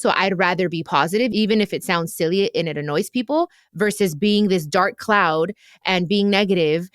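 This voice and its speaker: A woman's voice: mid-range voice, no room sound, clean studio sound. A woman hosting an advice podcast, talking earnestly and with emotion to listeners. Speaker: podcast host giving advice. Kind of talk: heartfelt advice chat.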